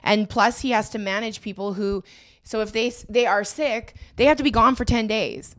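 A woman co-hosting a podcast, chatting casually and frankly, agreeable and quick to laugh. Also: on the high side, a bit bright, dry recording. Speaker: podcast co-host. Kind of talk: casual chat.

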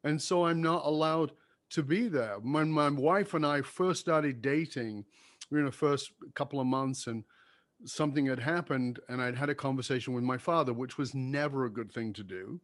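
A man of middle pitch speaking earnestly and openly, his emphatic delivery building as he tells a personal story. He talks plainly, without a performed voice. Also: moderate pace, dry recording, clean studio sound. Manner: earnest, emphatic, acts out dialogue.

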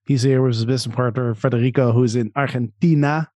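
A man hosting a podcast, reading a scripted intro and then chatting in an upbeat, energetic way with guests. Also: medium pitch, brisk. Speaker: podcast host. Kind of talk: casual interview, scripted intro.

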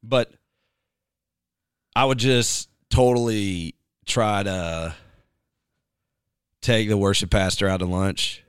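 Rambling worship pastor, smooth low voice. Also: male voice, takes it slowly, long pauses, no room sound, clean studio sound. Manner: rambling, filler-heavy, breaks into singing snippets. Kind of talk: casual chat.

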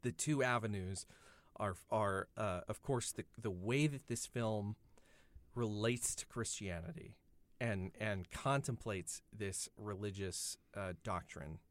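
A man's voice: on the low side, slow. A man co-hosting a podcast, thoughtfully explaining ideas in a casual film discussion. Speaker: podcast co-host.

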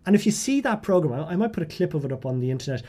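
Irish guy telling a wild self-mocking story, kinda high voice, warm mellow tone, keeps restarting words. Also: big pitch swings, rapid-fire, slightly rough. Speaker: guest writer. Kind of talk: animated storytelling in conversation.

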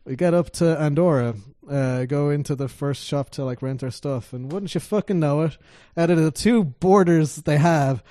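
A young Irish man co-hosting a podcast, telling stories with animated energy and the odd swear word. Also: on the high side, normal speed, few pauses, no room sound, studio quality. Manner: animated storyteller who swears for emphasis. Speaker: podcast co-host. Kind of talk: casual chat.

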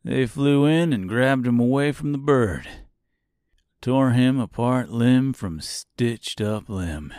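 A man's voice: medium pitch, slow, a little mellow, dry recording, studio quality, natural voice. A man voicing a sly, bitter male tin man who mocks, swears and laughs to himself, in an audiobook reading. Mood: gleeful. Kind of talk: audiobook character voice.

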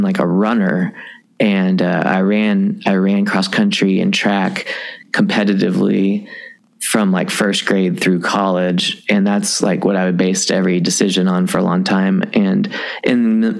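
A man's voice: deep voice, level tone, a little slow, vocal fry. A man in his thirties from Kentucky, a musician talking casually and rambling with lots of fillers. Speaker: musician guest. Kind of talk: casual conversation.

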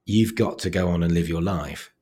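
An English man with a low, husky voice talks as an interview guest. He tells personal stories in a soft, halting way, often restarting his sentences. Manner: soft-spoken, halting, with many restarts and fillers. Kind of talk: reflective conversational storytelling.

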